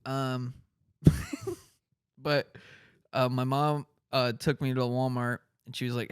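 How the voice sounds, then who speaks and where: A young man co-hosting a podcast, telling funny stories and squeaking into high voices when quoting people. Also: huge pitch swings, slow pace, clean tone, dry recording, clean studio sound. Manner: storytelling with high-pitched impressions of others. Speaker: podcast co-host. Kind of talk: casual chat.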